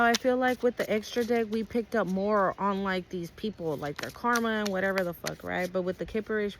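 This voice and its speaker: Brief: woman, tarot reader, casual and blunt, heavy swearing, middle pitch, slight background hiss. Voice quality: blunt and profane, emphatic repetition, frequent "okay?". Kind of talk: casual spoken tarot reading to viewers.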